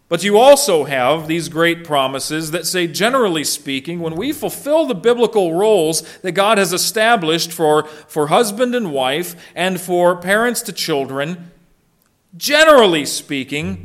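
A man's voice: high voice, expressive, a little slow, fairly bright tone. A middle-aged man preaching a sermon as a pastor, speaking earnestly and asking the congregation rhetorical questions.

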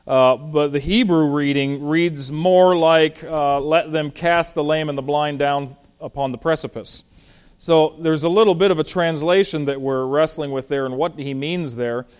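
A man teaching through a Bible passage verse by verse in a conversational, animated way, with frequent fillers and restarts. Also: a little high, normal speed, smooth. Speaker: pastor.

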